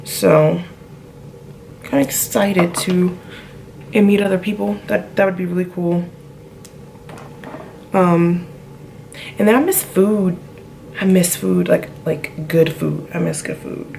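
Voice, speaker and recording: A woman's voice: lowish voice, fairly even intonation, unhurried, gravelly, pauses often, a little mellow, slight background noise. A young woman with features chatting casually to viewers while doing her makeup at home, often trailing off mid-thought. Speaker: vlogger. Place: home room.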